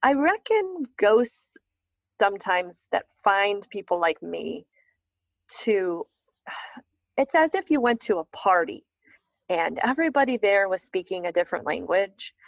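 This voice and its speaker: A woman tells a story in relaxed talk and gives each quoted person a voice. Her voice sits in a middle range. The recording is dry and a little muffled, with a lo-fi edge. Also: medium pitch, measured pace, vocal fry, no echo. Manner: animated, acts out quoted voices. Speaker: guest. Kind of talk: conversational storytelling.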